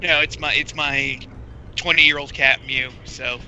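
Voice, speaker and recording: A man's voice: a little high, steady tone, measured pace, sharp tone, dull audio, slight background noise. A man co-hosting a casual gaming stream, chatty and amused as he talks about comedy. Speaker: co-host. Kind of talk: casual gaming commentary chat.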